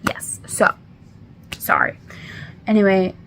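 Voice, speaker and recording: A young woman in her twenties rambles through a book recap, apologizing often and filling her sentences with ums. Her voice is gravelly with vocal fry, and she talks at an unhurried pace, close to tears. A faint hiss sits under the recording. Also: medium pitch, huge pitch swings, fairly bright tone. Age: 20s. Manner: chatty and rambling, apologetic, with lots of fillers. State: holding back tears. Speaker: book reviewer. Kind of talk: casual book recap vlog.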